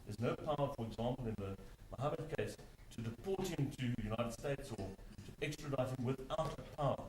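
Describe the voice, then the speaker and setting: A man's voice: medium pitch, animated, a little fast, a little mellow, roomy sound, rough recording. A man arguing a case in court as an advocate, stressing key words by repeating them. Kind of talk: courtroom legal argument.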